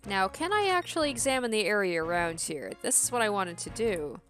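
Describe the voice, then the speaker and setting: A woman doing casual game commentary, reading the dialogue aloud in a giggly, excitable way. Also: medium pitch, a little fast, soft background music. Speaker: game streamer.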